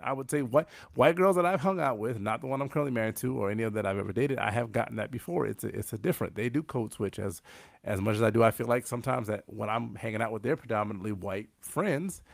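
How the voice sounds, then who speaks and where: A man with a gravelly, creaky voice hosts a loose group chat and keeps pressing his guests with questions. The sound is dry and close, with no room behind him. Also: mid-range voice, fast talker, no echo. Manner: prodding, asks many questions. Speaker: podcast host. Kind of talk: casual group podcast chat.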